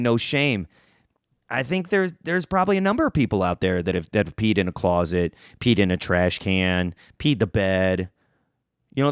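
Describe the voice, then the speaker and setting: A man hosting a podcast, telling a story in a casual, self-mocking way and jumping up in pitch for emphasis. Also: smooth, no echo, studio quality. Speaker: podcast host.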